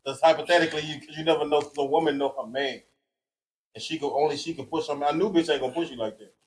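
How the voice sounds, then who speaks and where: A man's voice: on the high side, steady tone, fast talker, a little hiss or hum, poor audio. A man talking bluntly and crudely in a casual podcast chat, laughing often.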